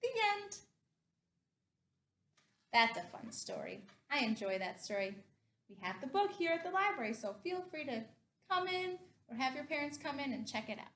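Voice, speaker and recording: A woman children's librarian talking to kids at story time, animated, slow and clear. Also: high voice, slight background noise. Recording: roomy echo.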